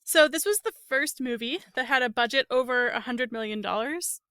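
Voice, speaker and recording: A woman's voice: high-pitched, moderate pace, a bit bright, smooth, no echo, studio quality. A woman co-hosting a casual movie podcast, sharing trivia with filler ums and owning her slips lightly. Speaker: podcast co-host. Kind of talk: casual movie-review chat.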